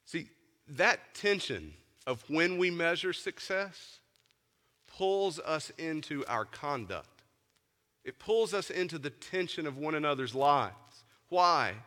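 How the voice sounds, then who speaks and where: Bright-voiced preacher in a big hall. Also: male voice, on the high side, expressive, slow pace. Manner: conversational, shifting between loud emphasis and hushed intensity. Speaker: pastor. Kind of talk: sermon.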